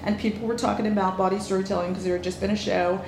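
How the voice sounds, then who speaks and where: A woman guest telling a frank story in a casual chat, animated and quick to laugh. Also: mid-range voice, gravelly. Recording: echoey room, faint noise.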